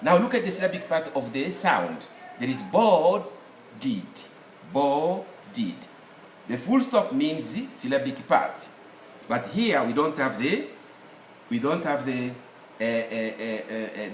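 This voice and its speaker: A man teaching English pronunciation, speaking slowly and deliberately and repeating each word for drill. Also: mid-range voice. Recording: echoey room with faint ambient noise.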